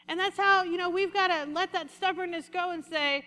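Bright high-voiced woman preaching in a hall. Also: a little fast, hardly any pauses, a little hiss or hum. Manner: lively preaching, acts out quotes and sheep sounds. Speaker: pastor. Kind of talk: sermon. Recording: echoey hall with long reverb.

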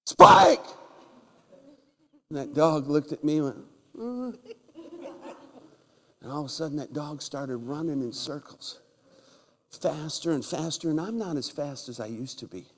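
A man's voice: a little high, fairly quick. Joking preacher man in an echoing hall. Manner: jokey storyteller, bursts into loud shouts. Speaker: guest preacher. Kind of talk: humorous sermon with stories. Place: church sanctuary. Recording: large hall with long reverb.

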